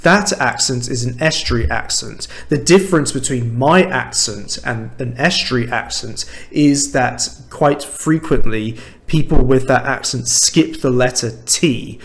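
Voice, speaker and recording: Clear southern British English teacher. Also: male voice, mid-range voice. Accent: standard southern British. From England. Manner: clear, slow, explanatory. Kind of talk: language lesson to camera.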